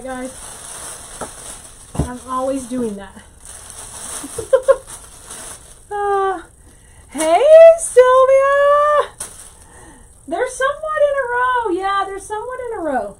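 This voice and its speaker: A woman hosting a casual crafting livestream, chatting warmly to viewers and greeting them by name as she works. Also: high-pitched, poor audio. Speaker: livestream host teaching wreath making.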